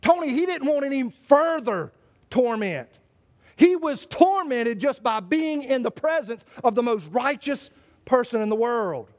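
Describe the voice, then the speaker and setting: A male pastor delivers an impassioned sermon in a strikingly high voice. He repeats words and starts phrases over as he presses each point on his congregation. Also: animated, measured pace. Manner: impassioned preaching with repetitions and restarts.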